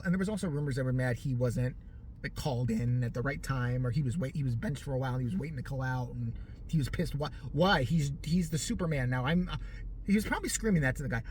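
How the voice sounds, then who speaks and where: Animated, profane ranting vlogger. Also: medium pitch, fast talker, husky. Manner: animated, profane, laughing often.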